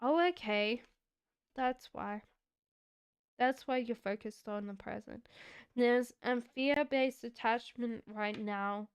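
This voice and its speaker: A woman doing a live-stream tarot reading, talking in a slow, reflective, chatty way and giggling now and then. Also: on the high side, smooth, no echo. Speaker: tarot reader.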